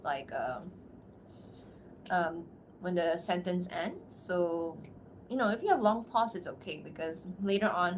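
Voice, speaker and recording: A woman's voice: lowish voice, noisy background. A young woman chatting casually on a livestream as a voice actor, laughing often and reacting to the comments. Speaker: voice actor streamer. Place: at home, seated.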